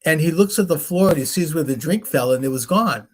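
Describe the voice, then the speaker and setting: A man's voice: on the high side, lively intonation, brisk. A man hosting a talk show, rambling as he retells stories and acts out the people in them. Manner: rambling storyteller, acts out quoted voices. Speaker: host. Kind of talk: casual conversation.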